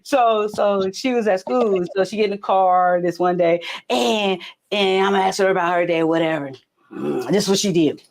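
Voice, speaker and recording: A middle-aged woman hosting a casual live chat, telling profane stories and acting out the dialogue. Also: moderate pace. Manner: animated, profane, acts out dialogue in high voices. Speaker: host.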